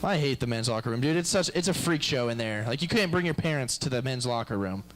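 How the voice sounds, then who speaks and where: A man's voice: medium pitch, lively intonation, fast talker, rough recording. A young man performing a stand-up comedy set in a club, rambling through stories and acting out the people in them. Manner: rambling storyteller acting out characters.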